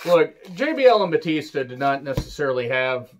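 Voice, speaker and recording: A man's voice: on the high side, big pitch swings, a little fast, slight background noise. A man giving a casual, opinionated review, ranting, swearing and joking sarcastically, with sudden bursts of emphasis. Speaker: wrestling reviewer.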